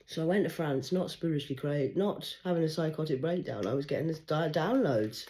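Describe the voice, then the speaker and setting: A woman, reading tarot cards in a rambling livestream monologue, swinging between loud urgency and hushed murmurs. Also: low-pitched, fairly quick, hardly any pauses. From England. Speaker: tarot card reader.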